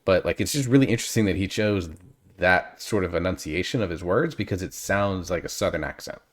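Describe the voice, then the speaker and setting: A man's voice: low voice, lively intonation, fairly quick. A man hosting a reaction video, chatting casually and analytically and drifting off on tangents.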